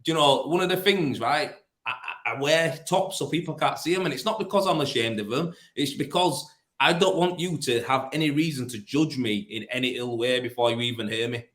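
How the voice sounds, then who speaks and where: A man with a broad Yorkshire accent, talking bluntly and casually in an interview. He tells his stories with plenty of fillers and restarts. His voice sits at a middling pitch and carries a roomy echo. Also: fairly quick, a bit bright. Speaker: plasterer and business owner.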